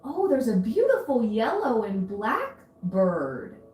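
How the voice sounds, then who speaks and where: Woman, tarot reader, casual chat, chatty, exclaiming, slow unhurried pace, roomy echo. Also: a little high, sing-song, darkish tone. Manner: chatty, easily distracted, exclaiming. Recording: echoey room.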